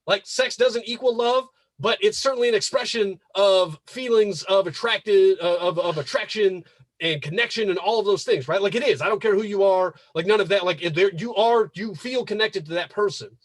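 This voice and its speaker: A man's voice: sits high, normal speed, no room sound. A man hosting a podcast, ranting casually with emphatic, repetitive and profane advice. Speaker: podcast host.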